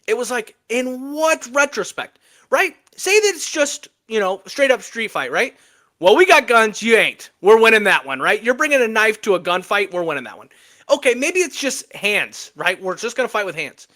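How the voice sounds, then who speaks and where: A man with a fairly high, bright voice opens and runs a casual sports podcast. He jokes and trash-talks with real emphasis, then moves on to the news. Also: normal speed. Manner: animated, joking, emphatic trash talk. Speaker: podcast co-host.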